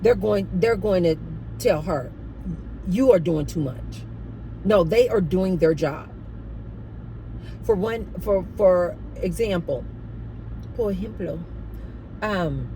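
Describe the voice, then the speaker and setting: Animated chatty woman vlogger. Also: on the low side, a little hiss or hum. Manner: animated, chatty, addresses viewers as "you guys". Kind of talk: storytime monologue.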